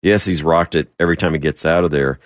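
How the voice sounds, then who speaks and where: A man with a low, deep voice co-hosts a sports radio show, trading jokes and firm opinions. The sound is dry and close-miked, with no room echo. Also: fairly even intonation, fast talker. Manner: joking, opinionated commentary. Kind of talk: casual sports radio chat.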